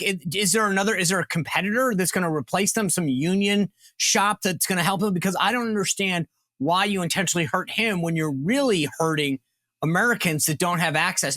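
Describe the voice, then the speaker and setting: A man hosting a political interview podcast, talking in an animated, incredulous way, often restarting his sentences. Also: high-pitched, dry recording, clean studio sound. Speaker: podcast host.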